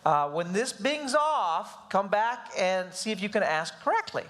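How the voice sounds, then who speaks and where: A middle-aged man teaching a live church parenting class, animated and acting out whiny children's voices. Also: high-pitched, measured pace.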